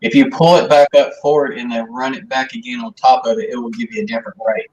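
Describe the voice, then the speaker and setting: A man's voice: medium pitch, fairly even intonation, fast talker, darkish tone, reverberant, slight background noise, low-quality recording. A man in a casual model railroad chat explaining technical details, with frequent "um" and "you know".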